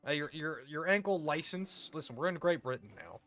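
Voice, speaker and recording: A man's voice: a little high, animated, measured pace, a bit bright, soft background music. A man streaming a game, chatting casually with crude jokes and rambling asides. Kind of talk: casual gameplay commentary.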